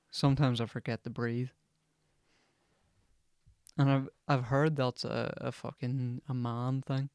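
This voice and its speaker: A man's voice: medium pitch, fairly even intonation, slow pace, long pauses, a little mellow, clear, resonant tone, no room sound, clean studio sound. A young man hosting a podcast, rambling casually and swearing constantly as he chats. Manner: swears constantly, chatty and digressive. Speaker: podcast host.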